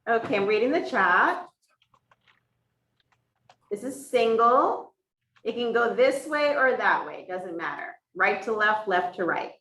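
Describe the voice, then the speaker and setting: A woman interprets a sign language class aloud, speaking as the teacher in a slow, measured way. Her pitch moves a lot as she explains each point. She is picked up from a distance in a roomy, echoing classroom. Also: expressive, fairly bright tone. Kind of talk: voiced sign language lesson. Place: classroom for a hybrid in-person and online class. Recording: echoey room from far off.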